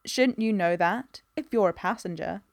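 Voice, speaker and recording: A woman voicing a mocking male dock ticket clerk with a slow drawl. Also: mid-range voice, dry recording, close to an everyday voice.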